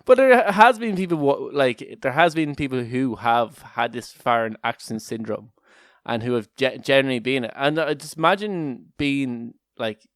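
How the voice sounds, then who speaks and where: Rambling podcast co-host. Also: male voice, medium pitch, normal speed, fairly bright tone, dry recording, studio quality. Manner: rambling, laughs often, restarts a lot. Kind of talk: casual chat.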